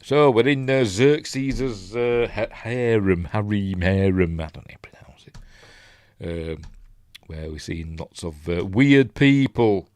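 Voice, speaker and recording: A man's voice: medium pitch, expressive, a little slow, darkish tone, dry recording. A man with a Yorkshire accent, hosting a casual film breakdown and reading out live chat in a chatty, rambling way that often loses its place. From Yorkshire, England. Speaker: host, film reviewer.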